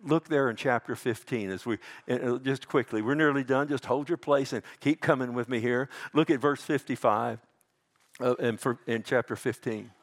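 A man preaching a sermon, calling his listeners "loved one", dropping to hushed tones and rising to loud emphatic peaks, with frequent restarts. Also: normal speed. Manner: swings between hushed lows and loud emphatic highs; addresses listeners as "loved one", asks "amen?". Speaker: pastor.

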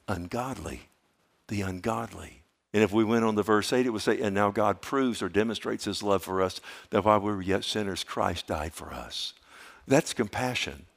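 A man preaching a sermon as pastor, dropping to hushed lines and rising to loud emphatic ones. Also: medium pitch.

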